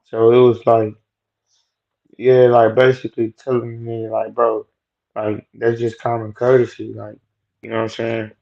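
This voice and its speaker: A man's voice: medium pitch, completely flat delivery, unhurried, creaky. A young man telling a rambling, profane story about a workplace run-in in a loose, slangy way. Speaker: vlogger telling a work story. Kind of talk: casual storytelling monologue. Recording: dull lo-fi audio.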